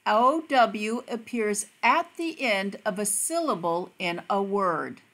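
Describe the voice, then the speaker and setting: A woman narrating a phonics lesson for teachers, speaking slowly and carefully as she walks through each word. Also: mid-range voice, animated, fairly bright tone. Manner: slow, careful, deliberate word-by-word delivery.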